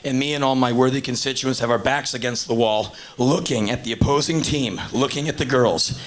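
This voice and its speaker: Animated male stand-up storyteller. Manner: animated, swings from loud exclaiming to low muttering; hurried asides and shouted punchlines. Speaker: stand-up comedian. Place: live stage before an audience. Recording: hissy low-quality VHS concert tape.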